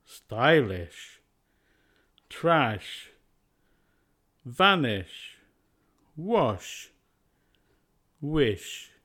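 Male teacher for a pronunciation course; scripted, deliberate reads at a very slow pace. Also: fairly high pitch, a bit bright. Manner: slow and deliberate, carefully spaced words.

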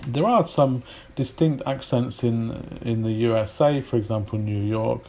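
A British man teaching English pronunciation in a podcast lesson, repeating example words aloud slowly with pauses. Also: mid-range voice, mellow. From United Kingdom.

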